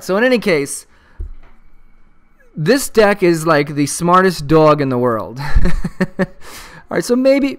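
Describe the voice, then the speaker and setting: A man's voice: a little high, clean tone. A man hosting a card game channel, rambling and joking casually with many fillers. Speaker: channel host.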